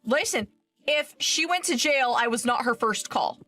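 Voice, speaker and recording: Brief: fairly high woman, mock-offended casual banter. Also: lively intonation, normal speed, music in the background. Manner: mock-aggrieved, joking about being ignored. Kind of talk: casual chat.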